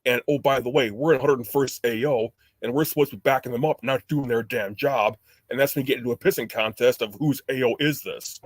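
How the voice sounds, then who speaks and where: A man who served in tanks, talking bluntly and gruffly in a casual chat full of swearing. His voice has an everyday pitch, and it is recorded close and dry with no room sound. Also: a little fast, few pauses, no echo. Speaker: former tanker, podcast guest.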